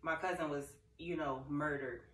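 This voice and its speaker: Woman, young, low voice, emotional rambling vlog talk, roomy sound. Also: steady tone, moderate pace. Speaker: vlogger. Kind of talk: casual talk to camera. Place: living room. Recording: echoey room, far from mic.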